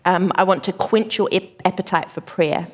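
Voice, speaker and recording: A woman in her thirties giving a sermon, opening with a chatty, animated personal story and frequent laughter. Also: fairly low pitch, moderate pace. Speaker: preacher.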